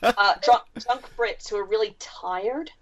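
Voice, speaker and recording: A woman's voice: medium pitch, a little slow. An Australian woman co-hosting a podcast in casual chat, blunt and wry, who swears casually. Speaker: podcast co-host. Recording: slightly dull, lo-fi sound.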